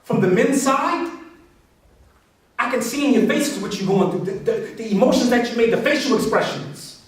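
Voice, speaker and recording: A man talks about faith with passion and a conversational touch, speaking to his audience head-on in a very high, expressive voice at a moderate pace. The sound is distant and echoey, as though captured from across a large hall.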